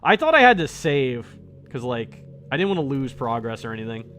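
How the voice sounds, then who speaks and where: A man's voice: mid-range voice, sing-song, fairly quick, fairly bright tone, slight background noise. A man streaming a visual novel, joking and talking to the game character as he plays. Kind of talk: casual gameplay commentary.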